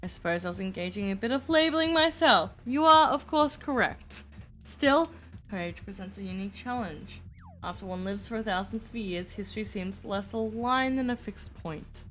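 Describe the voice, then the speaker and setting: A woman voicing a calm, formal old mentor, speaking in a measured, soft-spoken way. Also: mid-range voice, soft background music, lightly acted.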